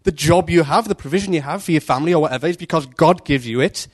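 A man's voice: fairly high pitch, quick pace. A man giving an informal devotional talk in a conversational, storytelling manner. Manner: conversational, animated, acts out story voices. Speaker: preacher.

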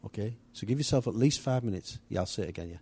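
Guy teaching at church, mellow low-key voice, rambly and chatty, lots of restarts. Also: lively intonation, rapid-fire, breathy edge. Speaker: church leader.

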